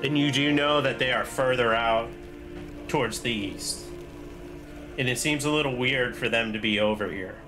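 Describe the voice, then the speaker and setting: Male game master, mid-pitched, casual narrating over faint music. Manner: casual, halting descriptions with fillers. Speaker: dungeon master.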